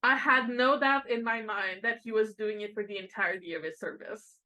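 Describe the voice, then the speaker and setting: A woman co-hosting a fan podcast in casual chat, emotional and quick to swear and laugh. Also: medium pitch, pushed and bright. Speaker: podcast co-host.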